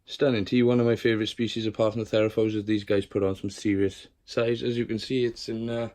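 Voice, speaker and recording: Chatty man with a low voice. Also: level tone, fast talker, darkish tone. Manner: chatty, swears freely, coaxes and scolds his spiders. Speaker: tarantula keeper showing his collection. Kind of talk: casual room-tour vlog. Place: bedroom at home.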